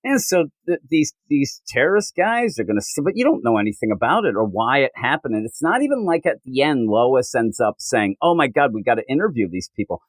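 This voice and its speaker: Animated man retelling comic scenes. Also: mid-range voice, dry recording. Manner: animated retelling with quick put-on character voices. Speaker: podcast co-host. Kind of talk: casual comic book podcast chat.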